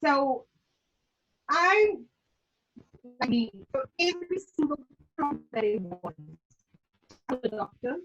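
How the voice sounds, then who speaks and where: A woman's voice: high voice, very animated, takes it slowly, long pauses, a bit bright, soft background music. South African woman, muffled call line. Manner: rambling, full of "like" fillers. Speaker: guest. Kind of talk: casual chat. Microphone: video call. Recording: dull lo-fi video call audio.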